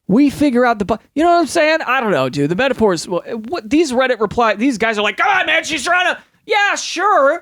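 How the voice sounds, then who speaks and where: Sarcastic male host, high and expressive, reading posts for comedy, dry close recording. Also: normal speed, hardly any pauses, no room sound. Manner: animated, sarcastic, jumps between high and low voices. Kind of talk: comedic commentary.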